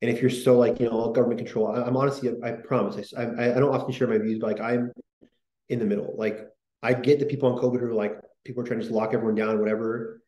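A man hosts a podcast in loose, rambling talk, full of fillers and restarts. His voice is mellow and dark. The room around him is echoey. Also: medium pitch, level tone, fast. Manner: rambling, self-interrupting, many fillers. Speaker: podcast host.

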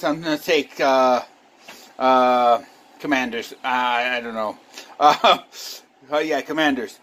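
A man's voice: mid-range voice, moderate pace, a bit bright. A man hosting his own channel, casually running through his football picks in a loose, rambling, self-deprecating way, talking to a camera at home. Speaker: sports channel host. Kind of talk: casual sports picks vlog.

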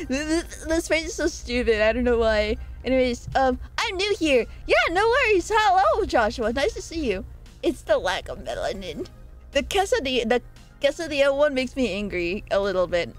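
Young woman streamer, bright high voice, giggly rambling chat, soft music underneath. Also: sing-song, normal speed. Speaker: live streamer. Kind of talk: casual live-stream chat. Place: her own room.

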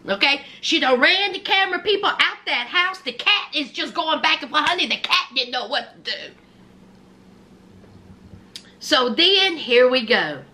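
A woman's voice: sits high, sharp tone. A woman giving a sassy, gossipy recap of a reality show, acting out what the cast said. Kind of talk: animated show recap commentary.

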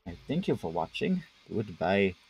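A man's voice: low voice, big pitch swings, unhurried, slightly rough. A man streaming a game live, chatting playfully and bantering with the game's creatures as he plays. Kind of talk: live gameplay commentary.

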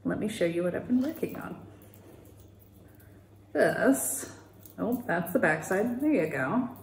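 A woman's voice: medium pitch, lively intonation, a little slow, a little hiss or hum. A woman hosting a knitting podcast, talking casually and rambling a little, with fillers and the odd laugh. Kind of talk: casual knitting video chat. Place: home. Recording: echoey room.

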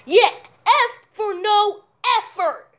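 A man's voice: extremely high pitch, slow, a bit bright, pitched above the performer's own voice, exaggerated voice. A young man voicing a grumpy, exasperated grown-up father in an amateur plush puppet skit. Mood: scolding. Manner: scolding, exasperated.

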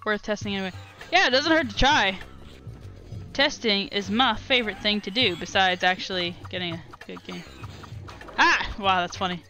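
A woman chatting casually while streaming a game live, rambling and excitable as she talks to viewers. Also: mid-range voice. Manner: rambling and excitable, restarts and laughs often. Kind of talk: casual live gameplay commentary.

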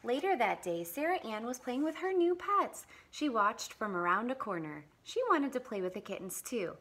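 Animated woman reading a picture book aloud. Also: fairly high pitch, a little slow, few pauses. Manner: animated, expressive read-aloud. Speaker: parent community reader.

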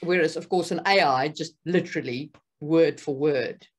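A woman co-hosting a podcast, chatting casually and briskly, often chiming in with agreement. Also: sits low, husky. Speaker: podcast co-host. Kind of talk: casual chat.

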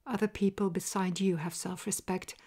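An earnest, loyal gentleman doctor, as a woman puts him on in whispered role-play. He presses his point with insistence, a bit louder than the narration. His voice stays hushed and soft, at a middling pitch for a woman. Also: fairly even intonation, normal speed, breathy edge, lightly acted. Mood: insistent. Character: loyal, worried male doctor and friend.

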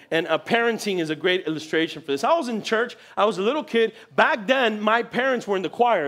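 High-pitched guy preaching in church, super animated, does little voices, laughs a lot. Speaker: pastor. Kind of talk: sermon. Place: church sanctuary.

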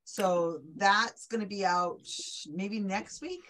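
A woman's voice: medium pitch, slow, fairly bright tone. Chatty woman trivia host. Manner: chatty, enthusiastic, rambling. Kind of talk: casual online group chat.

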